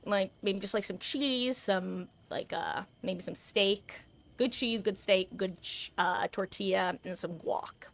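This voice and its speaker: A woman's voice: medium pitch, slow. A woman live-streaming a game, chatting casually and rambling through stories to her viewers. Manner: chatty, rambling, animated with sudden shrieks. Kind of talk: casual live-stream chat while gaming.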